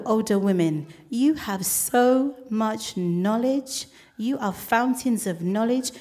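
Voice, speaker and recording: A woman preaching a sermon to her congregation in a conversational, animated way, often acting out voices as she quotes people. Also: on the high side.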